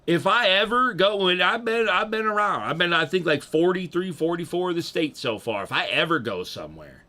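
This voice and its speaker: Animated, bright-voiced streamer man. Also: high-pitched, a little fast, few pauses. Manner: rambling, profane, jokey. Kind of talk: casual livestream chat.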